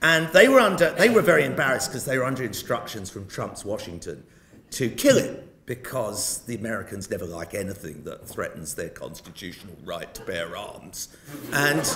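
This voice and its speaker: A man's voice: medium pitch, fairly bright tone, slight background noise. An older British man giving a public lecture, telling wry, self-mocking anecdotes. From Britain. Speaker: guest lecturer. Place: lecture hall. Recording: roomy hall sound.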